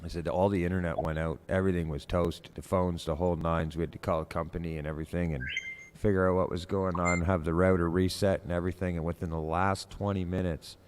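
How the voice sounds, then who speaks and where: A man's voice: deep voice, flat delivery, fast talker, hardly any pauses, a little hiss or hum. A man from Canada, a guest on a live stream, telling a story in casual chat with many fillers and restarts.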